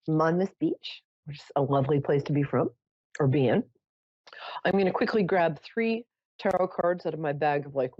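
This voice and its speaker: A New York woman with a lowish voice hosts a psychic call-in show, spinning a chatty, theatrical story for callers with self-mocking asides. The recording is muffled, with no echo.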